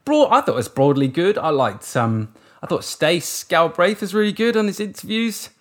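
A man's voice: sits high, sing-song, moderate pace, a bit bright. Englishman, surf commentator guest, loose rambling chat with restarts and easy swearing. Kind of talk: casual interview chat.

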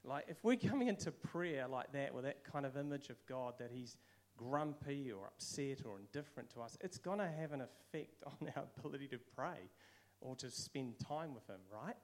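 A man's voice: mid-range voice, animated, normal speed, few pauses. A man with a New Zealand accent giving a casual, conversational sermon, now and then acting out quoted voices. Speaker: preacher.

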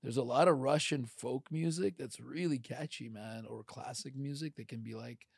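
Gravelly man from Ukraine, chatting loosely. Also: mid-range voice, normal speed, no echo, clean studio sound. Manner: loose, rambling, lots of "like" and "man". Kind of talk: casual chat.

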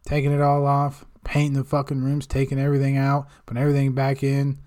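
A male podcast host riffing in a loose, unscripted monologue. He rambles and jokes at his own expense, with swearing in nearly every sentence. His voice sits at a middle pitch for a man. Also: completely flat delivery, fast, mellow. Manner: rambling, swears a lot, self-mocking. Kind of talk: casual profane monologue.

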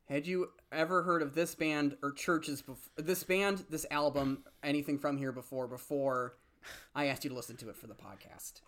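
A man's voice: on the high side, fairly even intonation, normal speed, a bit bright. A young man co-hosting a music podcast, talking casually with frequent fillers and restarts. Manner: chatty, lots of fillers and restarts. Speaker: podcast co-host. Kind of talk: casual chat.

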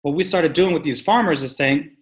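A man talking as an interview guest about farming, telling an animated story with emphatic, punchy delivery and casual swearing. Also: a little high, a little fast. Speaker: guest, sustainable farming practitioner. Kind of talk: conversational storytelling.

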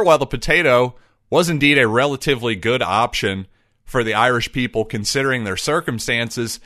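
A man's voice: medium pitch, a bit bright, dry recording, clean studio sound. A man giving scripted history narration in an emphatic way, with pointed rhetorical questions.

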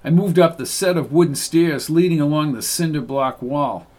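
Man narrator, wry hard-boiled telling, a bit higher than most. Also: moderate pace, a little mellow. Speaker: audiobook narrator. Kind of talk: first-person audiobook narration.

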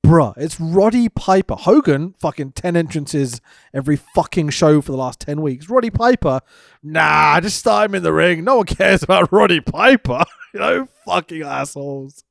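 A man's voice: fairly high pitch, expressive, normal speed, creaky, no room sound, clean studio sound. A man co-hosting a podcast, recapping wrestling in sweary, sarcastic casual chat and laughing often. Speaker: podcast co-host.

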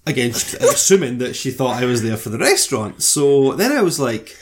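A man's voice: medium pitch, sing-song, a little fast, few pauses. Sweary self-mocking Scottish man. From Scotland. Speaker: podcast co-host. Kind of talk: casual storytelling chat.

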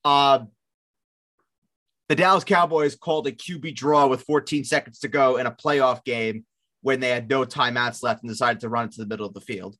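A man co-hosting a sports podcast, talking in a sarcastic, rambling way and swearing freely. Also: normal speed. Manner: sarcastic, rambling, swears, lively jumps in pitch. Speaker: podcast co-host. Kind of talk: casual sports podcast chat.

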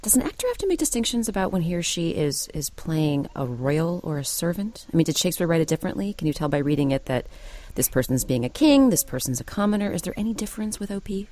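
Low expressive woman interviewer. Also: quick pace. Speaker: interviewer host. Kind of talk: interview questions.

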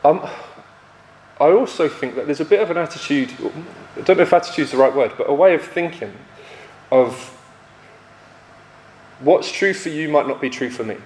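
A young man giving a sermon, telling a story at his own expense with halting restarts before turning to the point. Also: fairly high pitch, lively intonation, a little mellow, slight background noise. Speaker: preacher. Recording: echoey hall with long reverb.

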